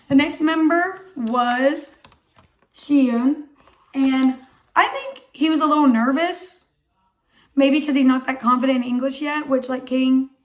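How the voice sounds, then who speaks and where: Hoarse young woman, high chatty voice. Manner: excited, chatty, heavy use of "like". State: hoarse, voice not fully recovered. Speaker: vlogger. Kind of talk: casual storytelling vlog.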